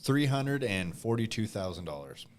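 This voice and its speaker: A man co-hosting a podcast, joking crudely and reacting loudly in casual chat at a live broadcast. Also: fairly low pitch, big pitch swings, moderate pace. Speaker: podcast co-host. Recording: live crowd noise behind.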